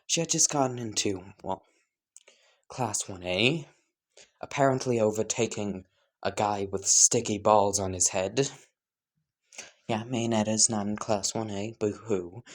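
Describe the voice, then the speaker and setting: A man telling an improvised fan story in a casual way, often chuckling and restarting his sentences. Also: fairly low pitch. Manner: chuckling, casual, self-interrupting. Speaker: fan fiction narrator.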